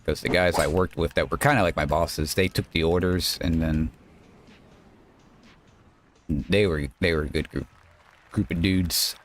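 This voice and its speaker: A man's voice: low voice, fairly even intonation, unhurried, pauses often, a little hiss or hum. A male streamer telling a rambling, casual story while playing a game, quoting people and swearing now and then.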